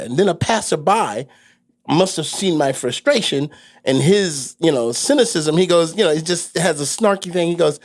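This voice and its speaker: A man's voice: a little high, lively intonation, moderate pace. A man from New York City, a podcast co-host, telling a rambling story full of restarts. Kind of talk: casual storytelling chat.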